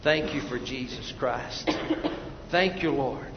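A male pastor preaching an evangelistic sermon, swinging from loud urgent appeals to hushed prayer. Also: mid-range voice, slow. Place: church sanctuary. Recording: dull echoey church hall recording with faint noise.

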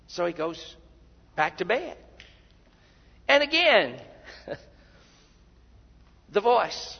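A man preaching a sermon, who acts out the voices of the people he quotes and repeats words when he gets excited. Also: sits high, drawn-out words, gravelly, long pauses, breathy edge. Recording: dull sound in a big reverberant hall.

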